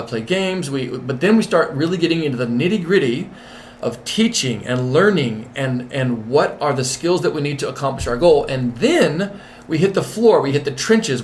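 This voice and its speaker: A man being interviewed as a nurse manager and executive coach, talking in an emphatic, repetitive, animated way. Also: on the high side, normal speed, slight background noise.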